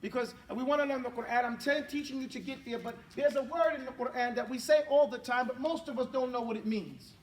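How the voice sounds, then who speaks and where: High-voiced man drilling a class in an echoey room. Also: far from the mic, a little hiss or hum. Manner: corrective, repeats drills and models sounds slowly. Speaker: Quran teacher. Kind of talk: classroom recitation and pronunciation drill. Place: classroom with students.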